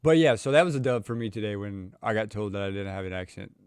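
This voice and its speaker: A man's voice: fairly low pitch, animated, quick pace, a little mellow, smooth, dry recording, studio quality. A young man with a Louisville, Kentucky accent, chatting casually on a podcast, running his sentences together and swearing freely. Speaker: podcast host.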